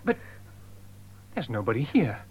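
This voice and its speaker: A man playing a shaken lively young man. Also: mid-range voice, exaggerated voice. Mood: tense. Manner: clear, slow learner-friendly delivery. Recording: dull lo-fi tape recording.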